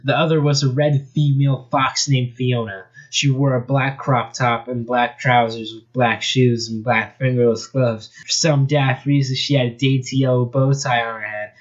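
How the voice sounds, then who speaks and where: A man's voice: mid-range voice, little pitch movement, normal speed, few pauses, highs cut off. A young man casually reading a fan story aloud, chatty and joking about the text. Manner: chatty, laughs at the text, off-script asides. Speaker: amateur story reader.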